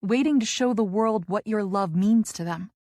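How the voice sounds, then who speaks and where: A woman's voice: medium pitch, normal speed, mellow, dry recording, close to an everyday voice. Woman playing a bossy, sassy best friend in a storybook, dry close sound.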